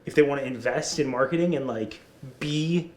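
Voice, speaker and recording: A man co-hosting a podcast, talking casually in a rambling, energetic way in an office conference room. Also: medium pitch, moderate pace, roomy sound. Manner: rambling, energetic, restarts often. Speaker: podcast co-host.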